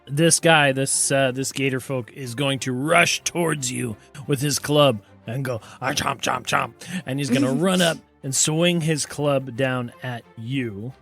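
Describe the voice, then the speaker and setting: A man narrating as game master of a tabletop game, talking in a relaxed, hesitant way with many fillers. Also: medium pitch, a little slow, gravelly, hardly any pauses, faint music behind.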